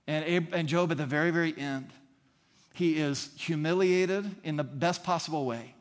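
A male pastor delivers an earnest sermon, stacking repeated phrases to drive each point home. His voice sits slightly higher than most men's. The sound carries the long, lingering reverb of a large church hall. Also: moderate pace.

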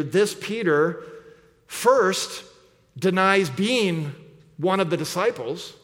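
Pastor guy preaching, kinda high voice, goes soft n low for emphasis, long echo in the church. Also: lively intonation, slow pace, long pauses. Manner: earnest preaching, drops low and quiet for emphasis. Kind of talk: sermon. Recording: long hall reverb.

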